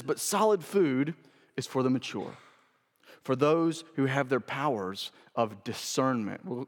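A male pastor preaching a sermon, stressing key phrases by repeating them and moving from loud to hushed. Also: medium pitch. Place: church sanctuary. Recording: long reverb of a church hall.

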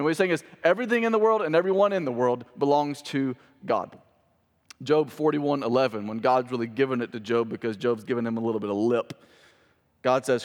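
Pastor preaching in a reverberant hall. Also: male voice, medium pitch, fairly quick. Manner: conversational preaching, rising for emphasis. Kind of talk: sermon.

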